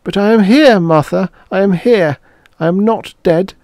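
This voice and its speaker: A man's voice: sits high, moderate pace, a little mellow, no echo, studio quality, pitched above the performer's own voice. A man voicing a frail, bedridden old professor who speaks weakly and desperately. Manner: weak, desperate.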